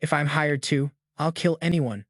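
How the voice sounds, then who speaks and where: A cold teenage boy assassin who speaks casually and flatly, as a man voices him. Nothing seems to bother him. The voice sits a little high, and the sound is dry and close. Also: moderate pace, dry recording, close to an everyday voice. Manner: casual, flat, unbothered.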